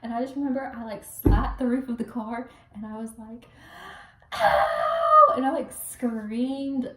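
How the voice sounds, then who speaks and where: A young woman casually telling a personal story to the camera, chatty and animated, acting out what people said. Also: on the high side, moderate pace. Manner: chatty, animated, acts out quotes with laughs. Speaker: vlogger telling her birth story. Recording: roomy echo, recorded from a distance.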